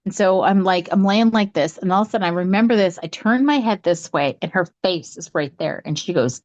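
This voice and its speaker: A middle-aged woman recounts a ghost story in relaxed conversation, her voice leaping up whenever she acts out what people said. The sound is dry and a bit dull, close to the mic with no room around it. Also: a little fast, no room sound. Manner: animated, acts out quotes with big pitch jumps. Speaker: podcast co-host, psychic. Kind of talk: casual storytelling chat.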